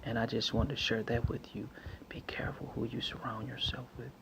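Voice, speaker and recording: Whispering in a gravelly, mid-range voice, a man from the American South tells a personal testimony in a preaching tone, speaking a little fast and level. He shares a life lesson with many restarts and fillers, acting out the quotes.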